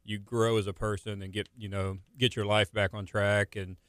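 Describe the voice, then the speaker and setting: A young man talks casually about his small business and home life. His voice sits low and sounds smooth. He rambles and restarts his sentences, recorded dry and close. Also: flat delivery, normal speed, fairly bright tone, no echo. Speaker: small business owner and stay-at-home dad. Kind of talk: casual chat.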